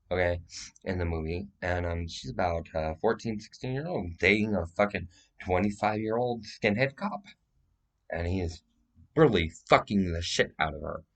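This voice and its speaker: A man's voice: low voice, vocal fry. A man giving a rambling, profane, agitated monologue that jumps from claim to claim.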